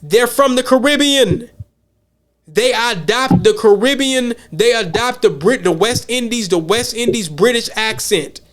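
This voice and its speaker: A man co-hosting a podcast, talking in a casual, profane and animated way and acting out quotes. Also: very high voice, unhurried. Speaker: podcast co-host. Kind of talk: casual chat.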